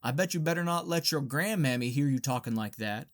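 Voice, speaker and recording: A man voicing a tired, sharp-tongued older Southern washerwoman who teases and scolds, in an audiobook reading. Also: mid-range voice, animated, a little fast, close to an everyday voice. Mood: scornful. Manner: teasing, scornful.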